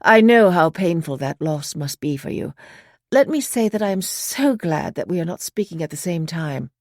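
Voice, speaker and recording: A polished, courteous middle-aged British gentleman, as a woman narrator puts him on, speaking in a measured, well-modulated tone with a British accent. The voice sits low and is recorded dry and close for an audiobook. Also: expressive, no echo.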